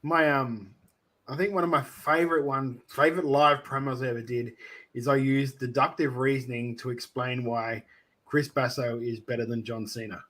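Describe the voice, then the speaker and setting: A man's voice: medium pitch, steady tone, moderate pace, fairly bright tone. Rambling Australian man in wrestling chat. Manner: rambling with many "like"s, profane. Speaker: wrestling manager and promoter. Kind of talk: casual chat.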